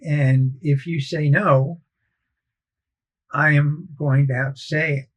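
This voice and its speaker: A man in casual conversation, recounting his sales career in a measured, logical way and acting out past exchanges with customers. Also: fairly high pitch, steady tone, rough recording.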